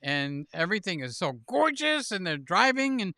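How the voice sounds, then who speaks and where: Guy hosting a livestream, bright crisp voice, dry sound, cracks up at his own jokes. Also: high-pitched, normal speed, dry recording. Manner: animated joke-telling, laughs at own jokes. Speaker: livestream host. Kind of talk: casual chat with guests.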